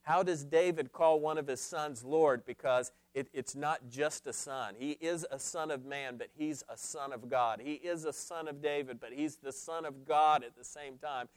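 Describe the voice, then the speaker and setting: A man's voice: a little high, normal speed, hardly any pauses, dry recording. A man giving an earnest, emphatic Bible lesson to a class, posing questions to his listeners. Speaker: Bible teacher. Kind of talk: expository Bible teaching.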